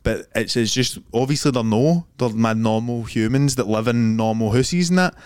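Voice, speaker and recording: A young Scottish man chats easily on a podcast, wandering through his thoughts in thick local slang. His voice is smooth and clear, and the recording is close and dry. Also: medium pitch, moderate pace, darkish tone, no echo. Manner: rambling, laid-back, heavy local slang. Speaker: podcast co-host. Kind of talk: casual chat.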